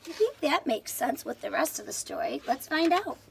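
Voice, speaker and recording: A woman's voice: high voice, very animated, moderate pace, gravelly, slight background noise. A woman teacher reading a picture book aloud to children, stopping to explain words and ask questions.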